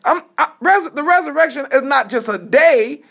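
Gravelly, animated folksy preacher. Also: high-pitched, normal speed. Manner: folksy, emphatic, tells the story with dialogue. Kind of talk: sermon-style Bible teaching with call and response.

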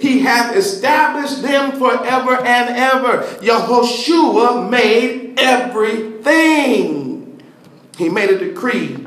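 A high-pitched older man delivers a sermon in a slow, rolling cadence. He draws out his words and rises into shouts. He sounds set back from the mic, and the church hall echoes around him. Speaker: preacher.

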